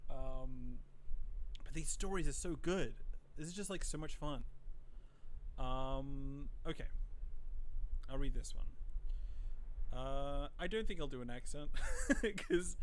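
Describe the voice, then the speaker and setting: A man's voice: medium pitch, animated, normal speed, pauses often, a little hiss or hum. A young man streaming a game, chatting casually and reading text aloud, with many fillers. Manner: rambling, lots of "like" fillers.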